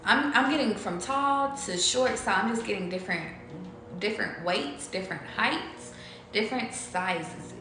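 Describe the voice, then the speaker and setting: A woman's voice: mid-range voice, a little slow, over music. A young woman giving a casual tarot reading to her viewers, loose and chatty, swearing freely and breaking into bits of song. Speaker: tarot reader. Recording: echoey room with faint background noise.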